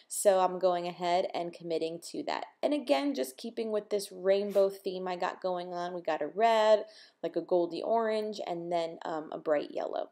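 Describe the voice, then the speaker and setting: A young woman from South Florida, chatting casually through a scrapbooking voice-over, full of ums and fillers. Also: medium pitch. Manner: chatty, filler-heavy, warm about her dogs. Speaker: scrapbooking vlogger.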